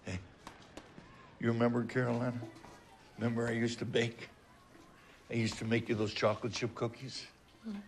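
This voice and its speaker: An actor playing a gruff, blunt, middle-aged working-class father in a film drama. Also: mid-range voice, level tone, moderate pace, long pauses, natural voice. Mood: bossy.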